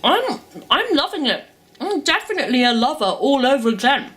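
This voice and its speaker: Brief: young female vlogger with a slightly high voice, chatty and descriptive in a casual taste-test. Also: sing-song, normal speed, fairly bright tone. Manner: chatty, describes food while eating. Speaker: food vlogger.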